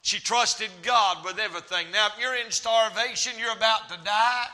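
A man preaching a revival sermon, folksy and storytelling, swinging from shouts to hushed asides. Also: sits high, moderate pace. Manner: shouting then dropping to a hush, folksy storytelling. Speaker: evangelist preacher. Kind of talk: revival sermon with acted-out Bible stories.

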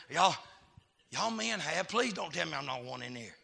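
A man preaching a fiery sermon, calling out to the congregation and swinging from hushed asides to shouting. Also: on the high side, big pitch swings, moderate pace, creaky, slightly rough.

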